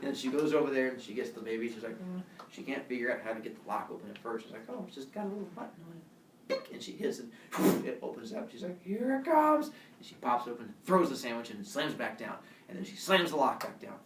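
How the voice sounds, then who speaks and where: A male teacher telling a myth to his class in an animated way, with a camera across a classroom. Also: medium pitch, fast, recorded from a distance, a little hiss or hum. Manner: animated, acts out every voice. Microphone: camera across the room. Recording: roomy classroom heard from afar.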